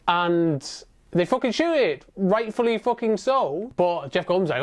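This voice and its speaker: Sweary, sarcastic movie reviewer. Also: male voice, high-pitched, animated, moderate pace. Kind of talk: casual ranting film review.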